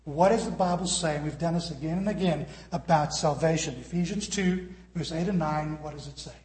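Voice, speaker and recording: A man preaching a sermon as pastor, animated and putting questions to the congregation. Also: a little high, a little fast. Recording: echoey hall.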